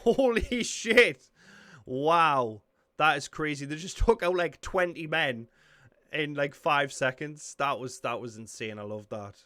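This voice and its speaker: A young Geordie man talks through a film he is watching, blurting out shocked swearing. His voice sits a little high with a bright, forward edge. The sound is close and dry. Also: animated, unhurried, no room sound. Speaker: reaction video host. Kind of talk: casual film reaction commentary.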